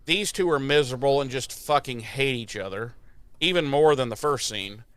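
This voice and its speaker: A young adult man co-hosts a podcast, recapping an episode in a casual, profane chat and acting out quotes in exaggerated voices. His mid-range, fairly bright voice is clean, at a moderate pace with no echo.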